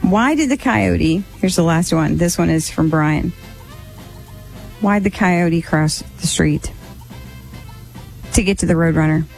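A woman's voice: on the low side, takes it slowly, vocal fry, pauses often, darkish tone, faint music behind. A woman co-hosting a radio show, trading dad jokes in casual banter and giggling often.

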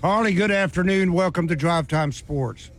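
A man hosting a sports radio show, moving the talk along briskly. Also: sits high, background noise. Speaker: host.

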